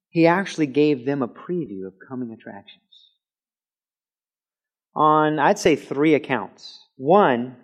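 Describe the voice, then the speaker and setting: A man preaching in a church sanctuary, teaching in a conversational way and breaking into loud shouted quotes now and then. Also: on the high side. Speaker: pastor. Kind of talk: sermon. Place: church sanctuary with a mic system.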